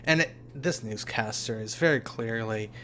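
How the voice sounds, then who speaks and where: A man narrating a tabletop role-playing game as game master, describing scenes in a relaxed way. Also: medium pitch, moderate pace, a little hiss or hum.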